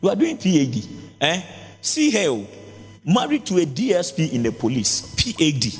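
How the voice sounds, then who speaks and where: Animated pastor preaching in a hall. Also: male voice, on the high side, moderate pace, husky. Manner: animated preaching, mixing Twi and English, sing-song rises. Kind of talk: sermon. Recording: long reverb of a large hall.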